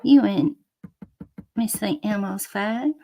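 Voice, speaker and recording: A woman hosts a casual livestream, reading comments, greeting viewers with terms of endearment, and launching into sweary rants. Her medium-pitched, dark voice comes slowly with vocal fry. The studio sound is clean and dry.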